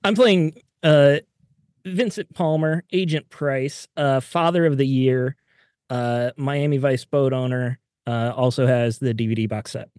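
A man's voice: medium pitch, steady tone, unhurried, darkish tone. A man introducing his character at a tabletop game table, with jokey asides about him. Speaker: player.

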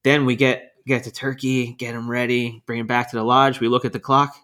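A man co-hosting a podcast, telling a story in a casual, animated way with laughs and swearing. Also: mid-range voice, a little fast. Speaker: podcast co-host.

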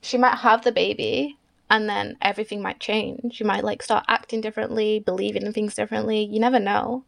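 Woman with a gravelly, relaxed voice. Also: medium pitch, a little fast. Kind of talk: casual chat.

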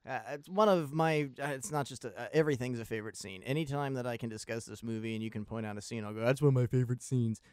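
A man's voice: medium pitch, quick pace, few pauses, clear, resonant tone, no echo. A man co-hosting a movie podcast, talking in a rambling, profane, enthusiastic way. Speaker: podcast co-host. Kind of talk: casual movie podcast chat.

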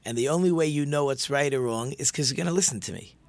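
A man's voice: mid-range voice, quick pace, no echo, natural voice. A man voicing a patient, wise old rabbi who explains things firmly to a student in a told story.

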